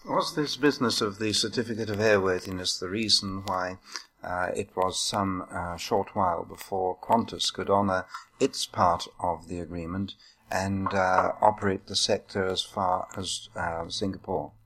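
Casting: male interviewer, low voice, formal and measured questions. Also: fairly even intonation, a bit bright. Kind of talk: oral history interview questions.

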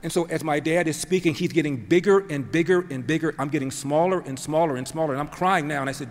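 A man's voice: fairly high pitch, fast, few pauses. A man giving an emphatic storytelling speech, acting out the voices he quotes. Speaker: speaker telling a family story. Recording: long hall reverb.

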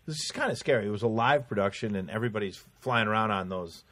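Speaking fast in a lowish voice with no room sound, this man hosts a podcast. His casual chat is full of stories and heavy swearing, delivered in a profane, animated way.

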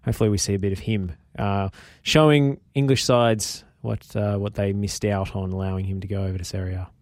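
A man's voice: lowish voice, fairly even intonation, brisk, darkish tone, no room sound. A man co-hosting a casual football podcast with dry, teasing humor. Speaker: podcast co-host.

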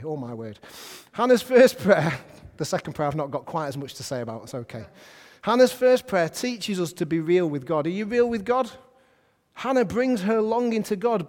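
A man preaching a sermon to a congregation in a lively, conversational way, often putting questions to them. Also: high voice. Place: church hall. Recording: hall reverb.

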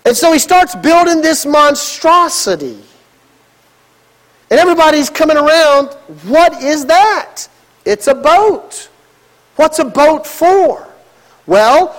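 A middle-aged male pastor preaching a sermon, telling a story with lively asides and asking the congregation rhetorical questions. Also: very high voice, long reverb tail, low-quality recording.

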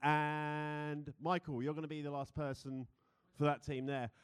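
A young British man preaches a sermon with a chatty, playful manner, often breaking into laughter. His voice sits a little high. The sound is dry and close, with almost no room echo. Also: flat delivery, unhurried, clear, resonant tone. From Britain. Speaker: pastor. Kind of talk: sermon with a group game.

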